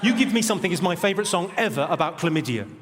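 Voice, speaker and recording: A male stand-up comedian with a posh English accent, delivering dry, deadpan one-liners on a theatre stage. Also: high-pitched, rapid-fire, very noisy. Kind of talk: stand-up routine. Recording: reverberant theatre, loud crowd.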